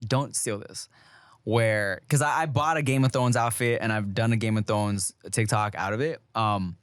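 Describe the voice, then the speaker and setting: A man's voice: fairly low pitch, normal speed, clear, resonant tone, no echo. A man co-hosting a podcast in casual chat, rambling and profane, laughing at his own jokes. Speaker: podcast co-host.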